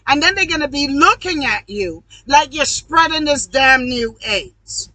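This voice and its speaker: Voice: high-pitched, lively intonation, measured pace, sharp tone, dry recording, poor audio. A speaker in a heated, profane ranting monologue, preaching at the audience and swearing constantly. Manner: calls the audience "y'all". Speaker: online video host.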